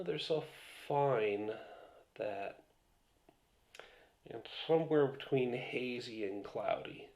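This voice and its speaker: A man's voice: on the low side, vocal fry, a little mellow. A man rambling casually through a beer review vlog, a few beers in and swearing now and then.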